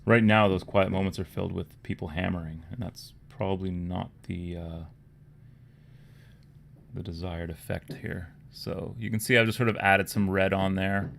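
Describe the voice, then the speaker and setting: Gravelly low-voiced man with a Toronto accent. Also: steady tone, normal speed. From Canada. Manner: rambling, low-key, often trails off into quiet murmurs. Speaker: livestream host. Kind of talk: casual livestream chat while painting miniatures.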